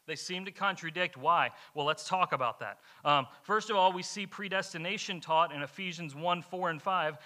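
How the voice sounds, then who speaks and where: A man's voice: a little high, normal speed, few pauses, pushed and bright. A man preaching as a pastor, answering questions in a sermon, earnest and emphatic, repeating his key lines. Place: church, streamed live.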